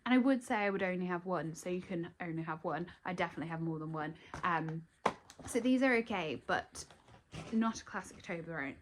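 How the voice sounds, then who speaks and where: A woman's voice: fairly low pitch, animated, a little fast, background noise. Chatty young woman vlogging. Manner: chatty, rambling, lots of um and like. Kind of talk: chatty daily vlog.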